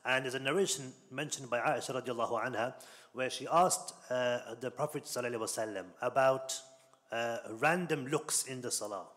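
A man giving a religious lesson in an explanatory way, often pausing with fillers and restarting phrases. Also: medium pitch, a bit bright. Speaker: Islamic teacher. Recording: long reverb in a hall.

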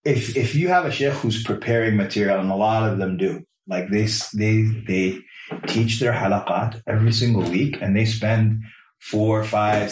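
A New Yorker with a very deep voice appears as a guest and religious teacher in a casual interview, explaining things in an easygoing way that often trails off and restarts. He sits far from the mic in an echoey room with a little background noise.

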